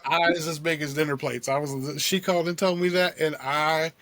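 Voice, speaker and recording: A man's voice: a little high, steady tone, normal speed, a bit bright. A man on a podcast telling a funny story in casual chat, laughing through it and acting out a child's voice. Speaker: podcast co-host.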